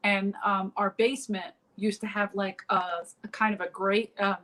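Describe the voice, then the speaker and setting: A woman's voice: medium pitch, level tone, moderate pace, a bit bright, rough recording. A woman comedian in a casual interview, telling stories full of fillers and restarts over a remote call. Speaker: comedian guest.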